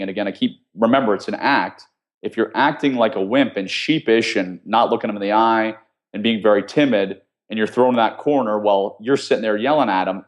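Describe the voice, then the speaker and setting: A man with a somewhat low voice talks as a guest in an interview. He explains escape tactics in a steady, instructive way. He builds each point around practical examples. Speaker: guest, former CIA officer teaching escape skills. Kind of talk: conversational interview.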